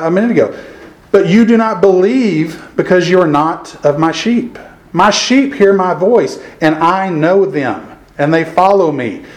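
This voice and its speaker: A man preaching an earnest sermon in a measured way, reading scripture aloud slowly and stressing key words. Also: high-pitched, echoey room, low-quality recording.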